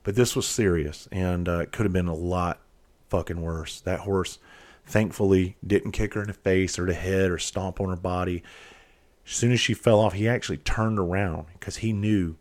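Deep-voiced man telling a raw story. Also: fairly even intonation, a little mellow. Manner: emotional, profane, halting with many restarts. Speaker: father telling a personal story. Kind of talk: candid personal storytelling.

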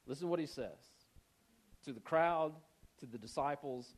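A male pastor preaching a sermon in a conversational, animated storytelling manner, mixing in casual slang. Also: a little high, moderate pace.

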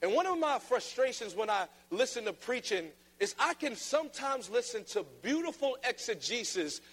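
A man preaching a sermon, playful and then emphatic, often mimicking flat reading voices. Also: very high-pitched, normal speed, slightly rough. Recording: long reverb of a large hall.

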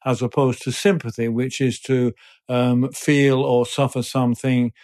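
A man's voice: medium pitch, flat delivery, a little slow, a little mellow. Thoughtful older male interview guest. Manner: thoughtful, hesitant, many fillers. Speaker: guest, business person.

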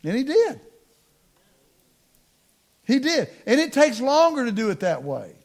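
A middle-aged man preaching a sermon, calling on the congregation to respond, slowing down to stress key words and dropping into quiet asides. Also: extremely high pitch, huge pitch swings. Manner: call-and-response preaching, slows for emphasis, drops to hushed asides.

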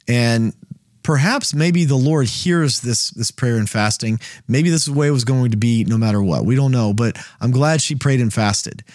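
A man's voice: mid-range voice, darkish tone, no room sound, clean studio sound. Man hosting a casual Bible study. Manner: conversational, thinks aloud with repeated words.

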